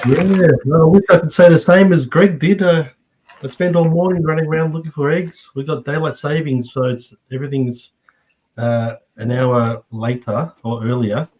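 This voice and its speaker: A man with an Australian accent, a guest on a podcast, talking in a relaxed, wry way. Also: on the high side, normal speed, lo-fi sound, slight background noise. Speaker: guest belt maker. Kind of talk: casual interview chat.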